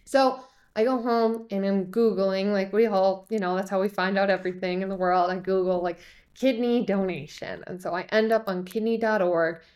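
A woman, a podcast guest, telling a personal story in a lively way and acting out the voices of the people in it. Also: mid-range voice, moderate pace. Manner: lively, acts out quoted voices. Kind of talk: conversational storytelling.

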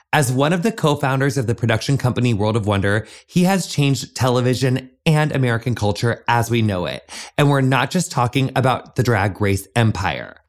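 A man hosts a podcast and introduces his guest with gushing, chatty enthusiasm. His voice sits in a mid range. Faint music plays behind him. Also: medium pitch. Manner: gushing, says "honey" and "gorgeous" often. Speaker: podcast host.

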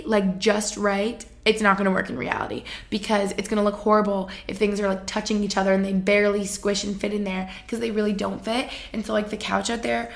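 A young woman with a gravelly, medium-pitched voice tells casual stories to her listeners. She's chatty, full of fillers, and laughs often.

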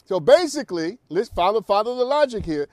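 A man's voice: sits high, big pitch swings, brisk, a little mellow, dry recording, studio quality. A man hosting a talk show, delivering an opinionated monologue full of emphatic rhetorical questions and repeated phrases. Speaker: radio show host.

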